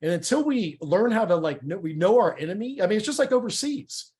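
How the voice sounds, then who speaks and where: Candid man telling his testimony, higher voice. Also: big pitch swings, brisk, a little mellow. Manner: candid, emotional, stumbles and repeats words. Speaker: guest sharing his testimony. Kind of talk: conversational testimony interview.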